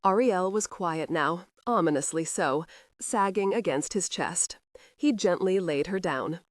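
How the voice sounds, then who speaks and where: Audiobook narrator, woman, measured, low-ish pitch, dry close sound. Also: no echo. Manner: measured storytelling. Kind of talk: scripted narration.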